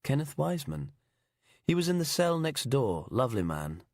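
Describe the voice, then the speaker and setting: A man voicing a creepy imprisoned killer with a put-on English accent that slips into Aberdonian, smug and slow, then whiny. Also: medium pitch, sing-song, a little mellow, dry recording, clean studio sound, voice pushed up. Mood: smug, sinister. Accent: put-on English slipping into Aberdonian. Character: creepy male killer prisoner, slithery and childish.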